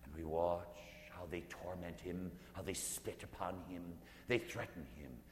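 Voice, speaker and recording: A man's voice: sits low, steady tone. Man leading a meditation in an echoey hall. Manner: earnest, slows down and drops to a hush. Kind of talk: guided meditation sermon. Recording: echoey hall with faint hum.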